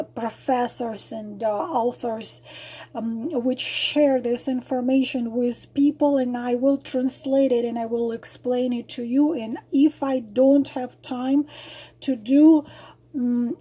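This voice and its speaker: Tired, husky-voiced woman speaking earnestly. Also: on the high side, warm tone. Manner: earnest, halting with many fillers, sudden emphatic rises. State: tired, losing her voice. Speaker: psychic channel host. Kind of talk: solo talk to camera.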